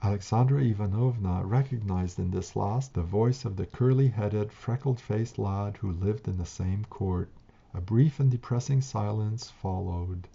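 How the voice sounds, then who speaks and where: Male narrator, deep and dark-toned, slow measured reading of a classic tale. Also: creaky, slightly rough. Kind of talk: storybook reading. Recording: dull lo-fi recording.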